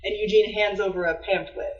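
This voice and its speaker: A woman narrating her character's actions while playing a tabletop game, with a giggly, relaxed storytelling manner. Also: medium pitch, brisk, roomy sound, far from the mic, highs cut off.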